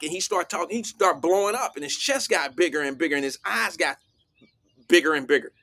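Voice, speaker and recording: A man hosting a casual talk show, telling a story in an animated way and acting out what people said. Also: a little high, quick pace. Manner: animated storytelling, acts out quotes. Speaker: host.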